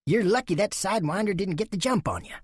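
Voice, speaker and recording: A man voicing an eager, excitable short male saddle maker who stammers. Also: high voice, fast talker, breathy edge, no room sound, clean studio sound, pitched above the performer's own voice.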